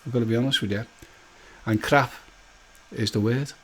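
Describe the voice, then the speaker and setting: A man's voice: medium pitch, steady tone, normal speed, fairly bright tone, husky. A man hosting a live stream, chatting casually and jokily with viewers and greeting them by name.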